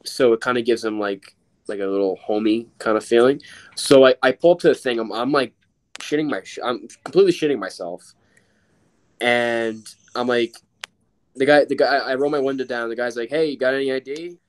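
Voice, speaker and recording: A man's voice: mid-range voice, normal speed. A young man from New York, a podcast guest telling a casual story with lots of fillers. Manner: rambling, filler-heavy, acts out quoted voices.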